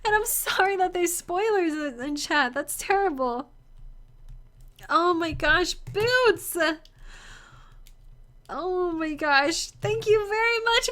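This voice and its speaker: A woman's voice: extremely high pitch, expressive, slow, pauses often, pushed and bright. A young woman live streamer, crying and gushing as she thanks viewers over and over for their donations. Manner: gushing, tearful, repeats thanks.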